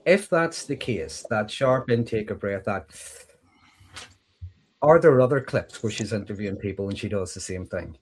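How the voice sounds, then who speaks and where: A man's voice: fairly low pitch, moderate pace, slight background noise. A man on a panel, hesitant, thinking aloud. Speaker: panel guest. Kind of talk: panel discussion.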